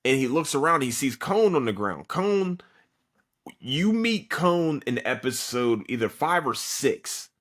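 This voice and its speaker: A man's voice: mid-range voice, sing-song, a little slow, a bit bright. A tired man hosting a podcast, recapping an anime episode in a rambling, profane way with lots of fillers. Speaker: podcast host.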